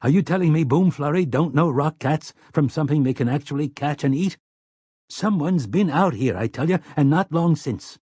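A man voicing a gruff, desperate middle-aged male traitor in an audiobook, with rough, rustic speech. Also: fairly high pitch, animated, normal speed, mellow, no room sound, pitched above the performer's own voice. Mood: insistent. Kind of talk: audiobook character voice.

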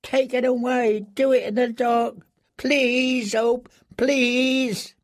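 Broken, starving male prisoner read by a male narrator: high, thin, quavering, stammers his pleas. Dry read. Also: slow, no room sound. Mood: terrified pleading. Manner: desperate pleading, stammering repetitions.

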